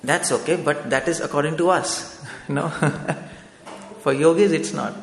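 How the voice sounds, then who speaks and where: A man's voice: a little high, measured pace. A man preaching a discourse in a temple hall, questioning his listeners step by step and often asking them to agree. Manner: asks the audience for agreement with "no?". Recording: echoey hall with long reverb.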